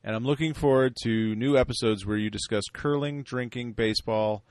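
A man's voice: medium pitch, moderate pace, noisy background. A man co-hosting a casual podcast, rambling and self-deprecating as he reads out listener mail. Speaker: podcast co-host.

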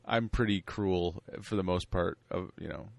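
A man's voice: low voice, fairly even intonation, normal speed, vocal fry, dry recording. A man co-hosting a casual podcast, rambling and self-deprecating as he reads out listener mail. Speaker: podcast co-host.

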